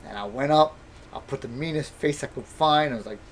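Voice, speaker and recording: A man's voice: mid-range voice, brisk, a little hiss or hum. A man in his thirties, hosting a live stream from home, telling rambling, self-mocking stories in casual chat. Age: 30s. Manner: rambling, self-mocking, bursts into loud laughter. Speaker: livestream host and boxer.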